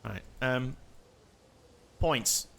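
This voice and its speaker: Lively bright-voiced man streaming a game. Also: mid-range voice, extremely slow, creaky. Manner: chatty, muttering to himself, laughing often. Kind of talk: live gameplay commentary.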